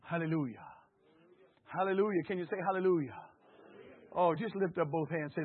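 A man preaching a fervent sermon, rising to shouts and dropping low, calling on his congregation to repeat after him, his throat slightly hoarse. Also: normal speed, long pauses, phone-quality sound.

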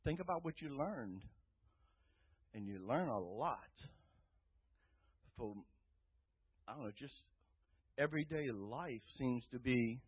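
A man giving an earnest, rambling personal testimony to a church group, rising loud when he quotes himself, with a tinny phone-like sound. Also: mid-range voice, lively intonation, slow, long pauses, slightly rough. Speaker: testimony speaker.

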